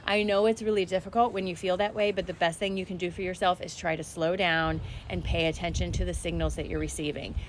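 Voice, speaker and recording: A woman's voice: on the low side, fairly even intonation, quick pace, few pauses, slight background noise. A woman talking casually to her viewers in a spiritual energy update, chatty and direct.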